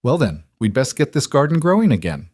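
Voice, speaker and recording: Guy putting on a steady stubborn frontier woman, higher voice, dry recording. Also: a little fast, no echo. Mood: firm. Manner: steady, firm, quietly defiant. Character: determined young frontier woman, fierce protector.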